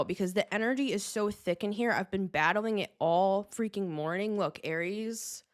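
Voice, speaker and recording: A woman's voice: medium pitch, normal speed, few pauses. A woman hosting a casual tarot reading vlog, rambling and agitated, swearing and laughing as she talks. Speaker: tarot reader, show host.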